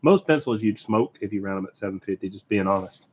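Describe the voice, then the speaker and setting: A man hosting a casual live repair stream, talking in a relaxed, rambling way and laughing often. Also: lowish voice, fast. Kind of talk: casual live stream chat while soldering. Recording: dull lo-fi stream audio.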